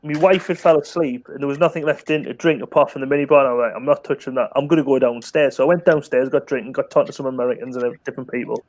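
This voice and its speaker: A man's voice: mid-range voice, very fast, few pauses. A man telling a funny pub story in casual chat, acting out what others said. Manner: lively anecdotal storytelling, acting out other people's lines. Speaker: guest on a chat stream.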